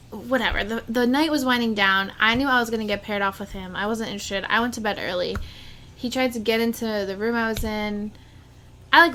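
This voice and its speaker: A young woman co-hosting a podcast, telling a story in casual chat with lots of "like". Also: medium pitch. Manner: animated, says "like" constantly. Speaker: podcast co-host.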